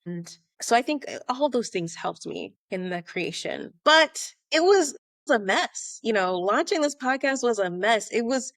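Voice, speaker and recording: An American woman telling her story as a podcast guest, animated and conversational, acting out remembered dialogue. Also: on the high side, unhurried, no echo, clean studio sound. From United States. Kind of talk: conversational interview.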